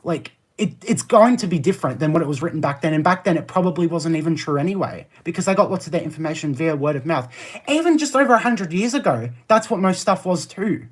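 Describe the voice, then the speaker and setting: Husky, lively streamer ranting at chat. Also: mid-range voice. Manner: argumentative, fast rants with many "like" fillers; laughs often, easily amused. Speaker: live streamer. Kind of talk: live stream chat, reacting to viewer messages.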